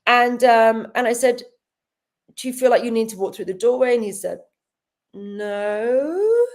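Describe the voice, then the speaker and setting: A woman's voice: fairly high pitch, fairly quick. A woman, a healer guest on a podcast, telling stories in casual chat with frequent laughs and acted-out dialogue. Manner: animated, laughs often, acts out quoted dialogue.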